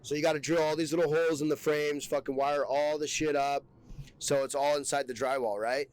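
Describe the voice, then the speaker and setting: A man's voice: a little high, steady tone, a little fast, smooth, rough recording. A young man, a podcast guest, telling stories in a casual, rambling way, full of swearing and filler words. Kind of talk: casual storytelling.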